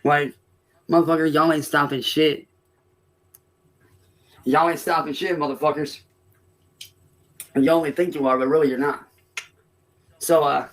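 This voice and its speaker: Man streamer, defiant profane rant, somewhat high voice. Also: little pitch movement, moderate pace, pauses often. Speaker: streamer in clips.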